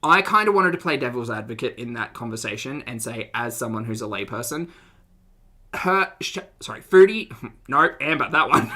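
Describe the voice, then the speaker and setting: A woman's voice: rumbling low, pushed and bright. A young woman talking casually to her live-stream chat, giggling often and trailing off into restarts. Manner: addresses her chat directly. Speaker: streamer reacting to videos.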